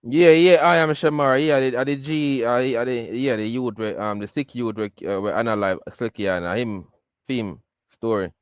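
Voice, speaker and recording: A man's voice: medium pitch, moderate pace, clear, resonant tone, no room sound. A man hosting a podcast, reacting to a clip in casual commentary and filling his talk with "like". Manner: filler-heavy, keeps saying "like". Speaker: podcast host. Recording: dull lo-fi audio.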